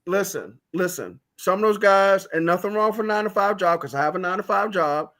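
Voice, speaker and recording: Male co-host, slightly high voice, emphatic and preachy, casual sports chat. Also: expressive, brisk, fairly bright tone. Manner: emphatic, lecturing, repeats points for stress. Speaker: podcast co-host.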